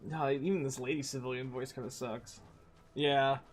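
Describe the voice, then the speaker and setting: A man's voice: mid-range voice, steady tone, moderate pace. A young man streaming a game, chatting casually in a rambling, profane way with frequent restarts. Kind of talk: casual gaming stream chat.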